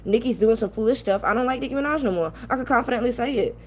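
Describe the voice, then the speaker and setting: A young woman from New York races through heated casual commentary in a fairly high voice, with slight background noise. She hosts a commentary channel and comes across as blunt, ranting, and profane.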